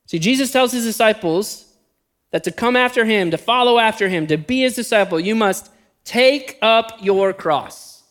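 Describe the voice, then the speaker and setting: A middle-aged man, a pastor, preaching a sermon and telling a personal story, speeding up in bursts and slowing down for emphasis. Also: high voice, lively intonation, a bit bright. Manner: storytelling, shifting between quick bursts and slow emphatic phrases.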